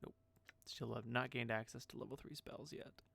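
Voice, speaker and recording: A man's voice: mid-range voice, steady tone, normal speed, creaky, fairly bright tone, slight background noise. A man hosting a game playthrough, reading the on-screen text and tossing off wry, joking asides. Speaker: let's play host.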